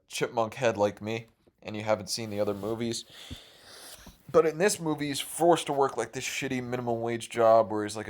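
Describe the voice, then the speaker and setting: Young male podcast host, rambling profane storyteller, excitable. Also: medium pitch.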